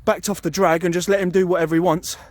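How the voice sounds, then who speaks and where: A middle-aged man vlogging by a river, talking chattily and excitably, often restarting his sentences. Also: high voice, quick pace, dry recording. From United Kingdom. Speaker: fishing vlogger. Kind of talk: casual outdoor vlog talk. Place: riverbank outdoors in winter.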